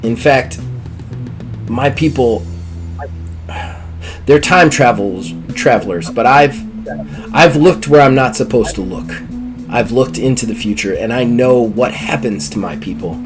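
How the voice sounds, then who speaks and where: A man's voice: medium pitch, expressive, a little slow, long pauses, music in the background, pitched below the performer's own voice, natural voice. A man voicing an earnest male time-traveling missionary in a tabletop game.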